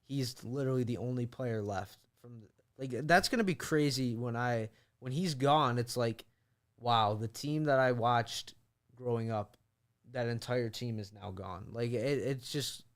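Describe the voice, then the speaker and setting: A young man from Michigan rambles in an easygoing way as a podcast co-host, his speech full of fillers. His voice is smooth and clear and sits in a middle pitch. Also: measured pace. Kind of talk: casual chat.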